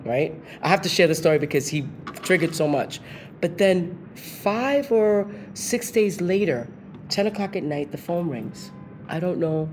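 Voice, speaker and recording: A woman host from New York City, a lively storyteller who acts out the voices she quotes in a conversational interview. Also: low-pitched, a little hiss or hum.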